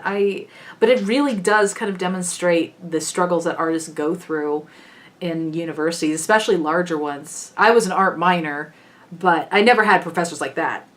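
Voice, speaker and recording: A young woman commenting enthusiastically as she plays a game. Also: fairly low pitch. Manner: enthusiastic, gushing. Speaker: game video creator. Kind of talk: let's play commentary.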